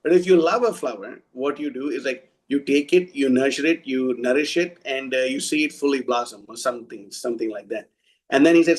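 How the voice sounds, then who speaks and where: A man's voice: mid-range voice, fairly quick, rough recording. A man giving an informal devotional talk, blunt and scolding, often restarting his sentences. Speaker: devotional preacher.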